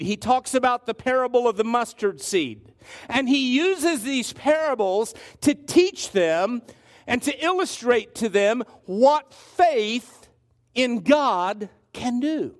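A pastor preaching a sermon, reading scripture and slowing down to stress key words. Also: male voice, extremely high pitch. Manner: emphatic, slows down to stress words.

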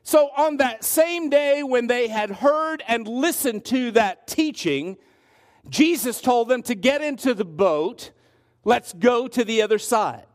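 Male pastor, high voice, emphatic sermon delivery with slow stressed words. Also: lively intonation.

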